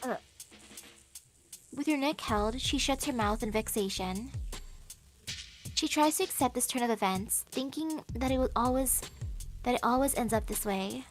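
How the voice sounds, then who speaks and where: A woman streaming as a guest, narrating a visual novel aloud in steady storytelling. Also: fairly high pitch, normal speed, faint music behind. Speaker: vtuber guest.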